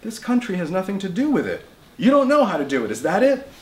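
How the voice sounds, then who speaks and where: A man's voice: sits high, wildly swooping pitch, quick pace, voice pushed up. A man reading the part of a stubborn old immigrant grandfather who talks in clipped, emphatic English. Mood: insistent. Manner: emphatic, insistent, raised and louder voice. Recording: roomy bookshop with faint noise.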